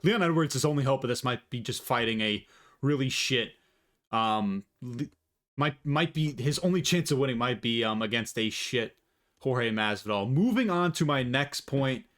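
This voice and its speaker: A man's voice: mid-range voice, animated, normal speed, a bit bright. A man talking casually and profanely through his predictions, rambling and opinionated, on a desk mic. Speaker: MMA commentator vlogger.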